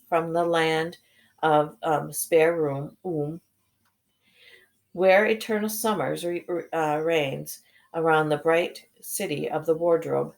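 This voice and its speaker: Woman reading as a polite, fussy male faun. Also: low-pitched. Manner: formal and courteous.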